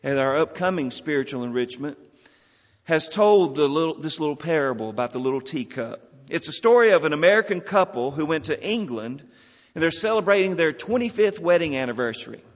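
A man's voice: fairly high pitch, a little fast. Earnest male preacher in a reverberant hall. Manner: earnest, expressive storyteller. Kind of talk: sermon storytelling.

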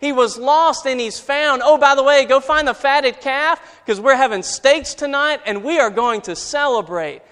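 Man preacher doing an exclaiming father, very high voice, loud calls, sermon, hall reverb. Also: fairly even intonation, unhurried, hardly any pauses. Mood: jubilant. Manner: exclaiming, calling out orders. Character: overjoyed father welcoming his son home.

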